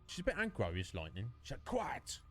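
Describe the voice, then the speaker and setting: A man casually commenting while he plays a video game on a live stream, chatty and quick to mimic the characters. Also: on the low side, huge pitch swings. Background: game music.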